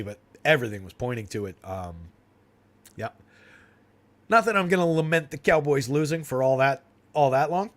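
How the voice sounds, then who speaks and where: A man's voice: medium pitch, a bit bright. A young man from New Jersey hosting a fantasy sports livestream, rambling in a casual, chatty way with frequent laughs and fillers. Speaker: fantasy sports stream host.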